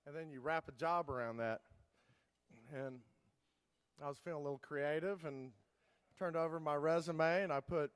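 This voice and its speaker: A man's voice: a little high, normal speed, long pauses, smooth. A man giving a keynote talk, telling his story in a loose, rambling way with many fillers and restarts. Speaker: keynote speaker. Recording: long hall reverb.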